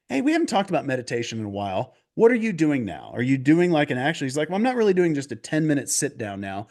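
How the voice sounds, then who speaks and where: A man guest on a video call interview, telling stories in a casual, animated way and acting out quotes. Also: medium pitch. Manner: animated, restarts and acts out quotes. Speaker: golf coach guest.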